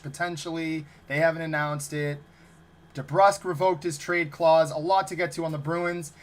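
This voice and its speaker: Upbeat higher-voiced man hosting a sports show. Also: a bit bright. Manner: upbeat, announcer-like rundown. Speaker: host. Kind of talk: show introduction.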